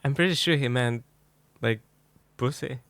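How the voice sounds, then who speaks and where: Brief: Russian-accented male reactor, slow and gravelly, dry amused asides. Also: mid-range voice, a bit bright, no echo. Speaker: reaction video host. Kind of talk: casual commentary.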